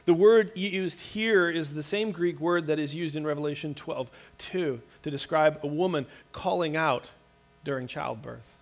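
Male pastor who preaches casually but earnestly, restarts his phrases often, and has a slightly higher voice. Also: normal speed. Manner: conversational, earnest, with frequent restarts and light laughter. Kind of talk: sermon.

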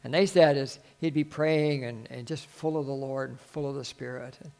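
A man's voice: mid-range voice, moderate pace, creaky, a little mellow. An older man preaching a sermon earnestly, rising to emphatic peaks and acting out dialogue with God.

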